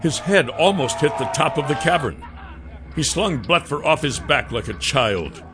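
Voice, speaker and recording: A man's voice: fairly high pitch, animated, normal speed, over music. A man narrating a fantasy audiobook with dramatic storytelling.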